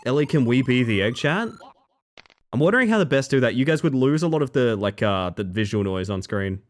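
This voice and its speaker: Animated man streaming games. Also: a little fast. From Western Australia. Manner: animated, jumps between nervous mumbling and high excited outbursts. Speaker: livestreamer. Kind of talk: casual livestream chat.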